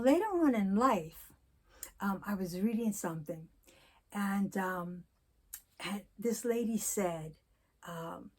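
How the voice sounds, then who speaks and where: A woman in her sixties talking candidly in a personal vlog, telling stories and reflecting slowly. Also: medium pitch, husky. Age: 60s. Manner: candid storytelling, slow and reflective. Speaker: vlogger.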